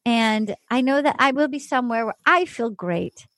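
A woman hosts a casual podcast chat, her voice pitched high and swinging widely as she retells scenes with emphatic energy. The sound is dry and close, with no room around it. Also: moderate pace, no room sound. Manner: animated, emphatic storytelling with acted quotes. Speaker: podcast host. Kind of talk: casual chat recapping a dating show.

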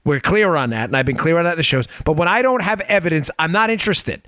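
A man hosting a political talk show, animated and emphatic, sarcastic and quick to laugh. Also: fairly high pitch, no room sound, clean studio sound. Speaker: host.

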